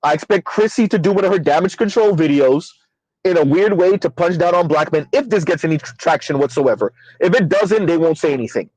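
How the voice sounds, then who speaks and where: A man's voice: a little high, expressive, brisk, darkish tone, dry recording, rough recording. A man hosting a casual commentary stream, rambling with fillers, addressing his chat and calling himself by name in third person. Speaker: commentary channel host.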